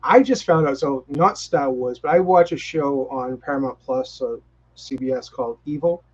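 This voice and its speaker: A man with a Boston accent co-hosts a casual live stream, his mid-range, slightly rough voice moving at normal speed. He talks eagerly and rambles, often restarting his sentences. The video-call audio sounds dull and lo-fi.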